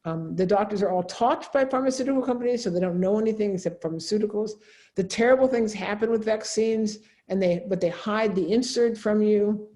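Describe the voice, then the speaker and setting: Woman professor, middle-aged, mellow tone, conversational seminar lecture, tags points with "right?". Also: mid-range voice, fairly quick. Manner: conversational, often adds a questioning "right?". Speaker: professor of religion and ethics.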